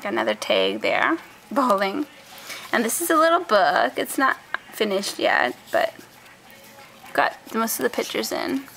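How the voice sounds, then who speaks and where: Slow-talking woman with a gravelly lilt. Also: on the high side, wildly swooping pitch, low-quality recording. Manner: soft, chatty, trails off and restarts. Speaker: scrapbooking vlogger. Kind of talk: casual show-and-tell. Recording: faint background noise.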